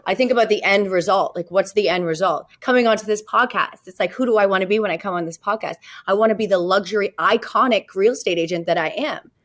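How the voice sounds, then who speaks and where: A woman's voice: medium pitch, fast talker, few pauses, a little hiss or hum. A woman being interviewed as a real estate agent, self-assured and upbeat, often laughing at her own lines. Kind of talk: casual interview talk.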